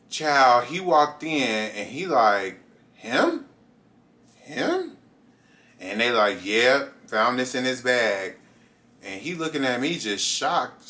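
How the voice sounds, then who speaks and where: A young vlogger in his twenties, bright and forward-sounding, tells a casual storytime straight to camera for his viewers. He stays animated and jumps into high voices whenever he quotes someone.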